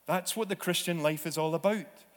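Male pastor, slightly high voice, unhurried preaching, church reverb. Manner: slow, deliberate preaching with acted-out voices. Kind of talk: sermon. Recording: long reverb of a church hall.

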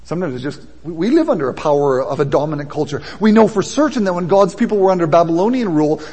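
A man with a fairly high, slightly husky voice delivers a sermon. His talk is casual and conversational, then grows emphatic and insistent. The sound carries a long reverb, as if heard in a large church hall. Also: expressive, quick pace, warm tone. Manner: conversational preaching, rising in intensity. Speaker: pastor.

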